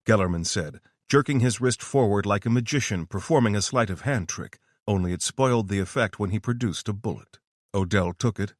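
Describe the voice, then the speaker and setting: A man narrating an audiobook in an expressive storytelling manner. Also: on the low side, dry recording, clean studio sound. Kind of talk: scripted narration of military horror.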